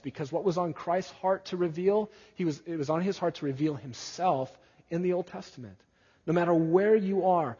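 A man preaches a sermon with earnest emphasis and often turns to his listeners with questions. His voice sits slightly high and sounds a little husky. The recording is dull and lo-fi, with a long reverb trailing through a large hall. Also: mellow. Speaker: pastor.

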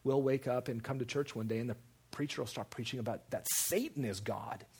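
A man preaching a sermon in an animated way, with repeated emphasis and acted-out quoted voices. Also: medium pitch, fairly quick, slightly rough. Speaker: preacher or teacher.

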